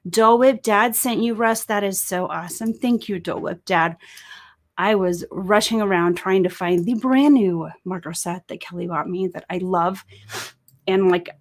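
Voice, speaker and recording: A woman's voice: on the low side, normal speed. A woman with a sore throat hosting a casual live stream, chatting and greeting viewers by reading their comments aloud. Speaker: livestream host. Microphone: desk microphone.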